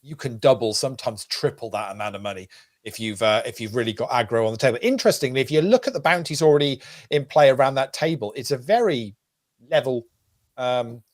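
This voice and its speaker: A man's voice: medium pitch, lively intonation, fairly quick. A man from the UK hosting a poker show, chatting casually and calling the action, with lots of fillers and restarts. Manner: rambling, many fillers and restarts. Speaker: host. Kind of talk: casual chat and poker commentary.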